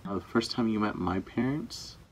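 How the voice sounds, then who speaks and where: A man's voice: lowish voice, lively intonation, moderate pace, a little hiss or hum. A young man chatting casually with his girlfriend in a couple's video, with a dry, teasing way of talking. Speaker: boyfriend in a couple's tag video. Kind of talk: casual chat.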